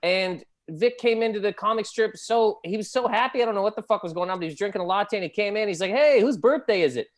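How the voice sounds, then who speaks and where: A man's voice: high voice, fast talker, few pauses. A male comedian telling a rambling, profane story on a video call. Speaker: comedian guest. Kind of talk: casual anecdote.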